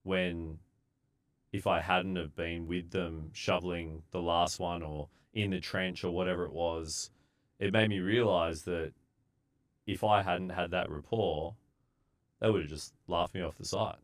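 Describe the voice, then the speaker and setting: A man with a very low voice tells stories from his years on building sites. He talks in a relaxed, chatty way and acts out the lines of his coworkers as he goes. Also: measured pace. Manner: laid-back, relaxed storyteller who acts out quotes. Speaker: guest, civil engineer. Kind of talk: casual storytelling.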